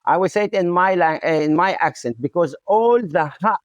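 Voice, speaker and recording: A man's voice: high voice, expressive, a little fast, no echo, highs cut off. A man from Israel, telling his story as a podcast guest in an earnest way. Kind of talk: storytelling interview answer.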